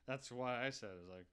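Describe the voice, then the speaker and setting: A man's voice: mid-range voice, fairly bright tone, smooth. A man hosting a live baseball video game session, thinking aloud in casual commentary and asking his viewers for advice.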